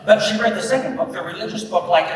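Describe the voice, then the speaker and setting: A man's voice: high-pitched, fast talker. A middle-aged man giving a humorous keynote talk at a business breakfast, telling stories and acting out the voices of people in them. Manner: storytelling, acts out quoted voices. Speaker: keynote speaker. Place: large event hall at a business breakfast. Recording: echoey hall from far off, with noise.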